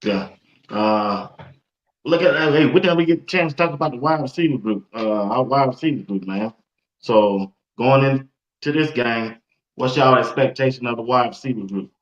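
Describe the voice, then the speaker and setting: A man's voice: mid-range voice, moderate pace. Chill guy hosting a live sports stream, asking the panel stuff, muffled lo-fi sound. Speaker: host. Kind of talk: casual sports talk. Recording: dull lo-fi stream audio.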